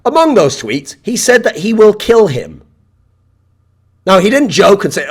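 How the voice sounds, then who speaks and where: Man, esports commentator, profane monologue, slightly high and husky. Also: very animated, brisk. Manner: blunt, profane and emphatic. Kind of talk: opinion rant monologue.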